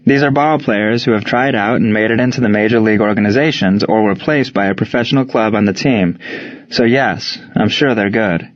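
A man voicing a steady male wartime baseball coach who talks in a plain, measured, reassuring way. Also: on the low side, close to an everyday voice. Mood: calm. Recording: slightly dull lo-fi recording.

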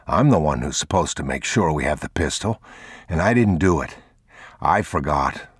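A weary, protective father of few words, terse and steady, speaking in short reassuring phrases, as a man voices him. The voice is very low and close to the mic, in a dry sound with no room echo. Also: moderate pace, slightly rough, heavily acted. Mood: shaken, gentle. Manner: short, clipped, reassuring replies.

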